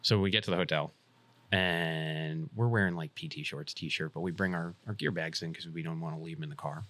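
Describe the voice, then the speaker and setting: A man's voice: rumbling low, steady tone, a little fast, fairly bright tone. A man co-hosting a podcast, telling a story in casual chat with swearing and laughs, acting out what people said. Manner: swearing, laughing storyteller who acts out quotes. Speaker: podcast co-host.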